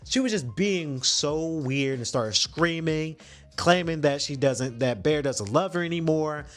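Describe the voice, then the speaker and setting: A man hosting a podcast, casually retelling a movie plot in slangy, animated storytelling with some swearing. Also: on the high side, unhurried, faint music behind. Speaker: podcast host.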